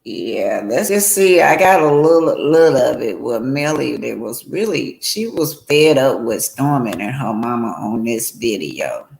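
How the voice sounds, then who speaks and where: Slow-talking host in an echoey room. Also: mid-range voice, big pitch swings, vocal fry, darkish tone. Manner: chatty, apologetic, addresses viewers as y'all. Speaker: commentary livestream host. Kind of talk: casual commentary chat.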